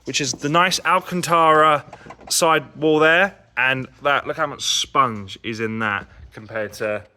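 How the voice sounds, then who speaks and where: A man with a bright, forceful voice hosts a casual car repair vlog. He chats easily and explains what he is doing as he works on the car. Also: mid-range voice, unhurried. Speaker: car vlogger.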